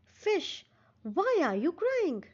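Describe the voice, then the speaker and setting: A woman's voice: very high-pitched, huge pitch swings, extremely slow, a little mellow, pitched above the performer's own voice, full character voice. A woman teacher voicing frightened little fish who ask anxious, pleading questions. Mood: worried. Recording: dull lo-fi recording.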